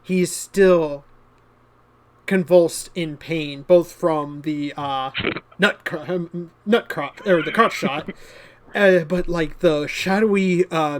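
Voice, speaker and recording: High-voiced, slow game master man. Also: slight background noise. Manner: hesitant, many fillers. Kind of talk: narrating a tabletop game.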